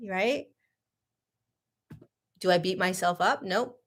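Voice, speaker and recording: Animated woman with a lowish voice. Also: moderate pace. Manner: animated, laughing, swings between loud and hushed; frequent 'like' and restarts, sarcastic. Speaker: host. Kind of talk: casual spiritual talk, personal storytelling.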